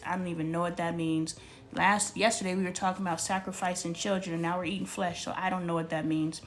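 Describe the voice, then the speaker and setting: A woman's voice: fairly low pitch, little pitch movement, quick pace, slight background noise. Blunt, preachy woman coach. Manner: blunt, preachy, swears for emphasis. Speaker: life coach. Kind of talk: casual spiritual talk and Bible reading.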